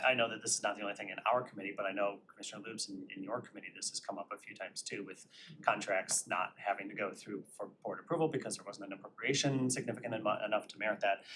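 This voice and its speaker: A man chairing a committee meeting, brisk and businesslike as he moves the agenda along. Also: fairly low pitch. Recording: noisy public meeting room.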